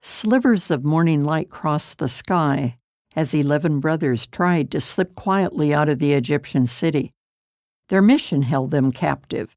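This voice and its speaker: Storyteller: woman, slow deliberate reader, low-ish, dry. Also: a little mellow, no room sound. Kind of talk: scripted story narration.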